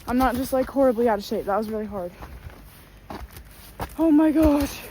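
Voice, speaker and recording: Breathless high-voiced woman vlogging in snow. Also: normal speed, mellow. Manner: exclamatory, self-mocking, chatty. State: voice a bit rough. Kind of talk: casual vlog narration. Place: outdoors in deep snow in a rural yard. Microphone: camera on a tripod, sometimes from a distance. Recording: noisy outdoor recording, sometimes far from the mic. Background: outdoor ambient noise.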